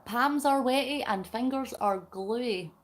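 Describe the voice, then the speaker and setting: A middle-aged Scottish woman hosts a relaxed livestream, chatting and giggling with viewers between bits of crafting. Her voice sits high, and she talks at an unhurried, leisurely pace. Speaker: livestream host. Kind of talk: casual live chat reading comments.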